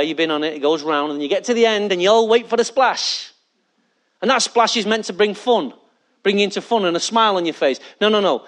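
A male pastor preaching a sermon, emphatic and often asking the congregation for agreement. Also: high voice.

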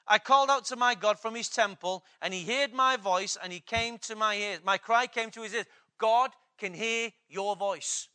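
A man's voice: high-pitched, pushed and bright. A man preaching a sermon, emphatic, repeating key phrases and asking the congregation questions.

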